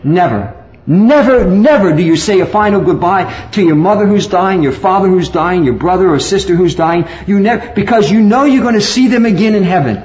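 Male pastor, mid-high voice, earnest sermon delivery with restarts, muffled lo-fi recording. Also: brisk, few pauses, a little mellow. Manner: earnest, repeats words and restarts, rises in pitch for emphasis.

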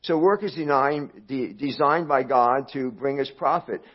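A man preaches a practical sermon in a mid-pitched voice. He repeats key words for emphasis and pads his sentences with fillers. The recording is dull and lo-fi. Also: measured pace, slightly rough. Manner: plain, repetitive emphasis with frequent fillers. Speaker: pastor.

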